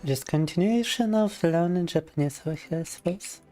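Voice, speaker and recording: Over background music, a slightly high-voiced man streams live at a moderate pace, his warm tone carrying weariness from being ill, along with sardonic banter and crude humor.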